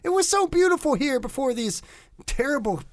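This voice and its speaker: Player doing a blubbering alien blob mom, super high wail, sobbing and pleading. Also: sing-song, moderate pace. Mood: tearful. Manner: high wailing blubbering pleas. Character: weeping alien blob mother creature, female, smothering. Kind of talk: tabletop role-play voicing.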